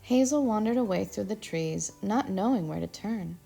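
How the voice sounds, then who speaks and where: A woman narrating a children's story aloud in a gentle, expressive storytelling manner. Her mid-pitched voice carries a strong gravelly fry, with faint music playing behind her. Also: normal speed. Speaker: storybook reader.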